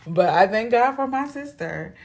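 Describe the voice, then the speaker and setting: Vlogger, low-pitched woman animated, chatty storytelling straight to camera. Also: moderate pace. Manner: chatty, animated, acts out quoted voices.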